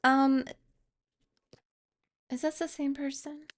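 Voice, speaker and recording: A woman's voice: sits high, little pitch movement, takes it slowly. A woman giving a tarot card reading, speaking hesitantly with fillers and restarts and reassuring viewers directly. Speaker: tarot reader.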